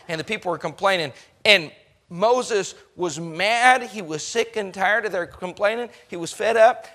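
A man preaching a sermon, telling stories folksy and emphatic, acting out the voices and rising to shouts. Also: high voice. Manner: folksy storytelling with acted-out voices. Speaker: pastor.

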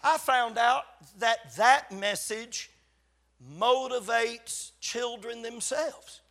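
Bright high-voiced older male pastor. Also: drawn-out words. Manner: storytelling, acts out quoted dialogue with emphatic repetition. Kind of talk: sermon.

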